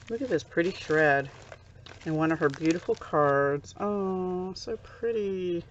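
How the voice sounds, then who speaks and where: A woman's voice: fairly low pitch, animated, a little slow, lo-fi sound, slight background noise. A middle-aged woman from the USA chatting casually on her crafting vlog, gushing and easily touched as she unboxes handmade cards at home. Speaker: crafting vlogger.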